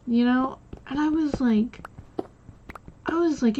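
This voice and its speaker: A woman's voice: high-pitched, a little slow, dark tone. A woman streamer telling a rambling personal story in casual chat, acting out the quotes of each person in it. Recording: dull lo-fi sound with faint noise.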